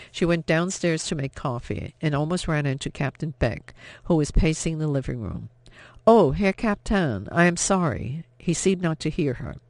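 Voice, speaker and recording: A man narrating an audiobook in a steady, measured storytelling manner. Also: fairly high pitch, no echo. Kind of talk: scripted narration.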